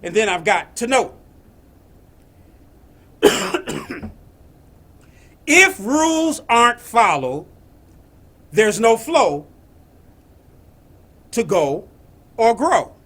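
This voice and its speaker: Give me a high-voiced man delivering a slow, emphatic spiritual message. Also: big pitch swings, bright, forceful tone. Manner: slow, emphatic, repeats phrases. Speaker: spiritual teacher.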